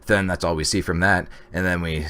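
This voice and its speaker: A man casually recapping a TV episode, rambling with fillers and excited reactions. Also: low voice, brisk, smooth. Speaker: TV episode reviewer. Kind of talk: casual video review.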